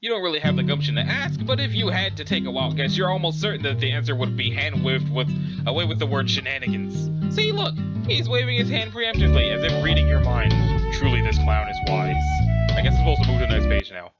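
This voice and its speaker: A man's voice: mid-range voice, wildly swooping pitch, quick pace, lo-fi sound, loud music behind the voice. A man reading a web comic aloud, with sardonic, profane commentary. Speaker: comic reader.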